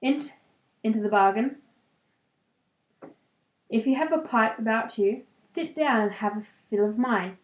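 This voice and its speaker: A fussy, comfortable hobbit gentleman, polite but plainly wishing to be left in peace, read aloud by a woman. The lines come a little raised, with small stumbles here and there. The sound is thin and phone-like, bouncing around a roomy space. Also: fairly high pitch, a little slow, pauses often, natural voice. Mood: politely fussy.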